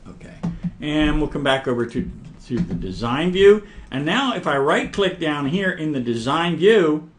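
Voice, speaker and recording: Male instructor, slightly high voice, casual walkthrough of a software screen, clears throat often. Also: sing-song, normal speed, a little hiss or hum. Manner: casual, talks through each click, frequent throat clearing. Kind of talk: screen-recorded software demonstration.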